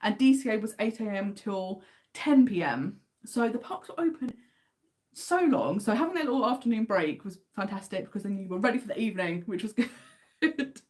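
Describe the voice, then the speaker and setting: A woman's voice: mid-range voice, sing-song, moderate pace. An English woman with an English accent, hosting a casual livestream and chatting enthusiastically while answering viewer comments. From England. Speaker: livestream host.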